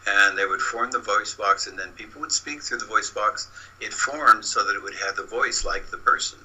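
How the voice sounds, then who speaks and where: A man's voice: lowish voice, normal speed, sharp tone, a little hiss or hum, poor audio. A man who is a guest researcher, patiently explaining in an interview and often answering with short backchannels.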